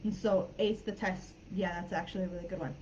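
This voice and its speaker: A woman teaching English in a live online class, friendly and chatty, laughing often and filling pauses while she thinks. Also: fairly low pitch, steady tone, darkish tone, slight background noise. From California. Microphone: video call. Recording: dull lo-fi video call audio.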